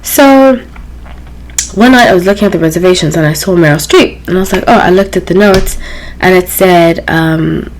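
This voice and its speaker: A woman's voice: lowish voice, a little hiss or hum, poor audio. A woman hosting her own channel, telling a personal story in a casual, chatty way with lots of fillers. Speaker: channel host.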